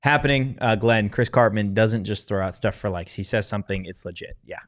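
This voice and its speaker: A man hosting a casual sports talk show, steering the discussion in a relaxed way. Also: fairly low pitch, a little fast. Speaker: host.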